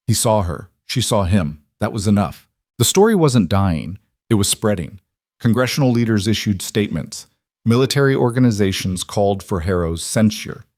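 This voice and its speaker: A man giving a scripted story narration in a measured, dramatic way. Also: fairly low pitch, a little mellow, no room sound, studio quality.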